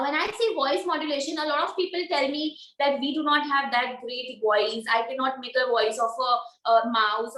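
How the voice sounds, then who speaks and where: A woman's voice: sits high, a bit bright, echoey room, low-quality recording. A young woman leading a storytelling workshop over a video call, explaining things step by step and repeating her key points. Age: young adult. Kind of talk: teaching a workshop.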